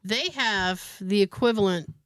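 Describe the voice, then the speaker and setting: A woman podcast host telling an animated story in casual chat, laughing often. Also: medium pitch, measured pace, clean tone.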